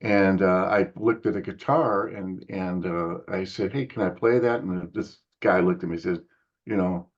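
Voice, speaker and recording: Speaking a little slowly, an older American man appears as a musician guest in a relaxed interview, spinning a lively tale. He animates the story by voicing others' lines at a higher pitch. The audio has its highs cut off.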